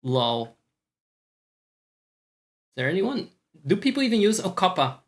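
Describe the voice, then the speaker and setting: This man has a high, sing-song voice, talks a little slowly and has a Scottish accent. On a live stream he chats casually and rambles, swearing freely and poking fun at himself.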